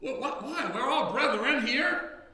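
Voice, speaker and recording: A middle-aged man preaching a sermon in a loud, booming drill-instructor voice, heard in a church hall. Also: lively intonation, measured pace. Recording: echoey hall from far off.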